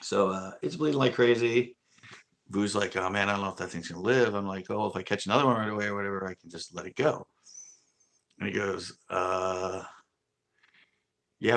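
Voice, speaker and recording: Speaking in a lowish, slightly bright voice, a California man who fishes shares a loose, wandering fishing story on a livestream. He voices the other people's dialogue as he goes.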